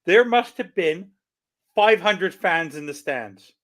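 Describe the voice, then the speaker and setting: A man's voice: sits high, animated, slow pace, a bit bright. A man co-hosting a casual sports talk show, dry and teasing. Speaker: co-host.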